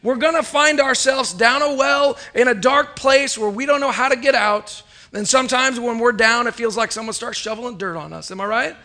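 A man with a high voice preaching from a church, his delivery rising and falling as he speaks to his congregation. He tells a story and asks the listeners questions as he builds to his point. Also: normal speed, hardly any pauses, bright, forceful tone. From United States. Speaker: pastor. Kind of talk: sermon with storytelling.

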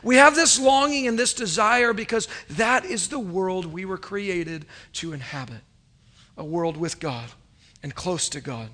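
High-voiced man preaching a sermon. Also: animated, a little slow, pushed and bright. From United States. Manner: preacherly, rising and falling, asks the congregation questions. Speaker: pastor. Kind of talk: sermon with storytelling.

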